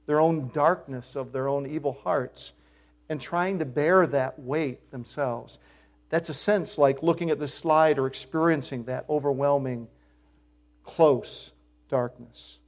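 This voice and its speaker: Emphatic man preaching a sermon. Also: darkish tone. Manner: emphatic preaching, rises in pitch and volume on key phrases. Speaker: pastor.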